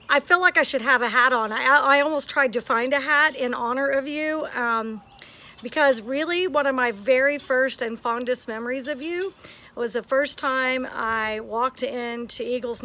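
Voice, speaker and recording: A woman's voice: on the high side, sharp tone. A woman outdoors giving an earnest, emotional birthday video message to a friend, with frequent ums.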